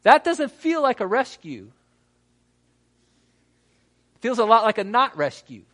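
A man with a fairly high voice preaches a sermon. He reads scripture aloud and acts out the quoted lines. He leaves dramatic pauses between phrases. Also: big pitch swings, a bit bright. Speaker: pastor.

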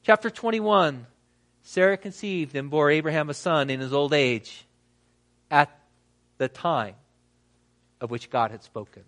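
A man preaching a sermon, reading scripture and acting out quotes with dramatic pauses. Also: on the high side, a bit bright. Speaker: pastor.

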